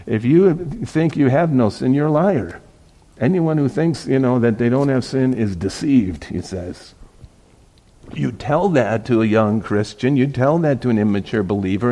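A man's voice: medium pitch, warm tone. A middle-aged man, a pastor, giving a casual, conversational sermon, often chuckling and repeating words as he goes.

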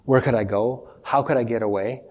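A man's voice: medium pitch, brisk, dull audio. A man preaching a sermon as pastor, emphatic, repeating key points and putting questions to the congregation. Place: church.

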